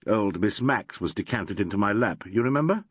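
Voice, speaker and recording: A man with a husky voice, reading the part of a calm police inspector in an audiobook, politely and patiently questioning a group. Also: lowish voice, moderate pace, no echo. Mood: courteous. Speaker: inspector in a crime novel.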